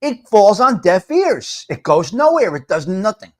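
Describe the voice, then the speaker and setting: An older man hosting a live morning talk stream. He talks loudly and emphatically, greets chat viewers by name and repeats his points for effect. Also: high voice, big pitch swings, measured pace. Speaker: livestream host.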